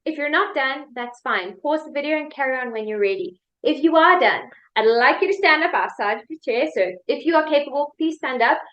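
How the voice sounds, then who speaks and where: A woman's voice: sits high, a little fast, hardly any pauses, highs cut off. A woman life coach guiding a motivational workshop video, upbeat and leading repeat-after-me chants.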